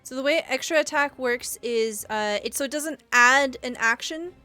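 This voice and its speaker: A woman's voice: high-pitched, moderate pace, pushed and bright, no room sound, faint music behind. A woman running a tabletop game as game master, reading spell and ability text aloud between casual table talk.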